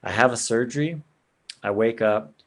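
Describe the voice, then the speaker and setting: A man's voice: medium pitch, normal speed. A man sharing an earnest personal story as a podcast guest, in a casual way with lots of "man" and "bro".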